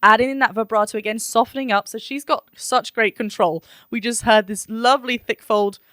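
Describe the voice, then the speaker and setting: A woman's voice: a little high, steady tone, brisk, fairly bright tone, no room sound, clean studio sound. A woman vocal coach talking through a song in a chatty, analytic way, now and then singing short vowel demos. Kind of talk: reaction and analysis talk.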